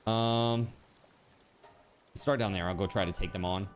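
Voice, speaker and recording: A male streamer with a fairly low voice chats easily with his viewers as he plays. His talk is loose and relaxed, full of small asides and frequent laughs. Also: a little slow, faint music behind. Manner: chatty and easygoing, laughs often, talks to chat. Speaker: game streamer. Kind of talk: casual live-stream chat while gaming.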